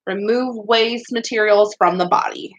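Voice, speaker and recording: A woman's voice: medium pitch, normal speed, highs cut off. A woman teaching a beauty school class online, reviewing quiz questions with students in an upbeat, encouraging, chatty way.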